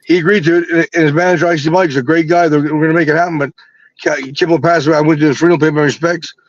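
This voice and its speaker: Halting man on dull remote audio. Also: on the high side, steady tone, no room sound. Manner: halting, repeats words, stumbles. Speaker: bare-knuckle fighter guest. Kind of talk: casual interview talk.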